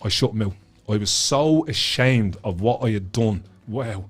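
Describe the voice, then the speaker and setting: A low-voiced Irish man tells his own story in a loose, chatty way. He swears freely and stumbles over repeated words as his feelings rise. A little music sits faintly in the background. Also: lively intonation, unhurried, husky. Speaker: podcast guest, author. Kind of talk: casual storytelling chat.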